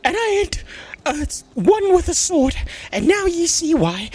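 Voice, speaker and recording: A man voicing a shipwrecked game character in a strained, squeaky falsetto with old-timey pirate-ish phrasing. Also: very animated, measured pace, heavily acted. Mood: plaintive. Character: high-voiced anime-style game character, stranded shipwrecked worker.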